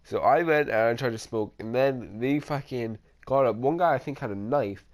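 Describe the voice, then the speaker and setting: A man's voice: medium pitch, moderate pace. Rambling, profane young man telling a story. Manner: rambling, profane, with many restarts and fillers. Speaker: storytime vlogger. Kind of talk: casual storytelling over gameplay.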